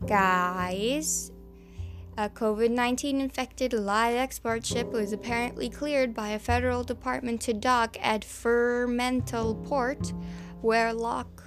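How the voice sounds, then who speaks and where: A woman's voice: a little high, steady tone, takes it slowly, music in the background. A woman with a Southern American accent reads news stories, stumbling over names and adding sarcastic asides. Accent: American Southern, slipping in. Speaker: podcast host reading news. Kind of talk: casual news commentary.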